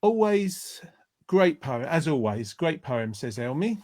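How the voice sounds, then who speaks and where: A man's voice: medium pitch, lively intonation, measured pace, a little mellow. A man hosting an online show over a video call, reading out viewer comments in a chatty, rambling way, often restarting his sentences. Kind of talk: casual live-stream chat, reading out viewer comments.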